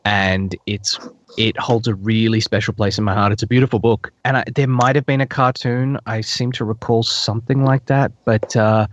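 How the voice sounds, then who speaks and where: A man, a voice actor, answering interview questions in a thoughtful, rambling way, often restarting his sentences and pausing on fillers. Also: fairly low pitch, fairly even intonation, no echo, muffled recording. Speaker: voice actor guest.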